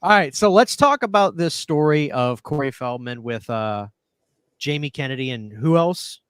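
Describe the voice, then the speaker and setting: Laughing, animated male podcast host. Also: on the high side, moderate pace, clear, resonant tone, no room sound. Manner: animated storyteller, laughs a lot, repeats words. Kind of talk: casual chat. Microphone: studio microphone.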